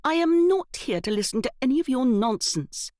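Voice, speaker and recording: A woman's voice: a little high, very animated, normal speed, a little mellow, no room sound, studio quality, voice pushed up. A woman voicing a severe young aristocratic lady speaking haughtily.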